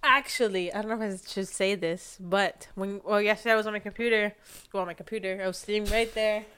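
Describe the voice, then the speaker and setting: A woman's voice: medium pitch, steady tone, fast talker, pushed and bright, smooth. A young woman co-hosting a podcast, rambling in casual chat with lots of fillers and restarts. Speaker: podcast co-host.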